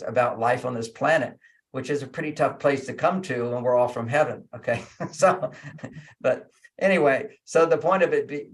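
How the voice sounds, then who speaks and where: An older man talking as an interview guest, teaching conversationally in an animated way and laughing between his points. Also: mid-range voice.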